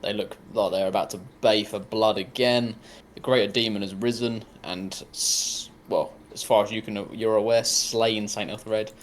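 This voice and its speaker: A man narrating a tabletop game as game master, relaxed and often pausing with ums. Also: lowish voice, slight background noise.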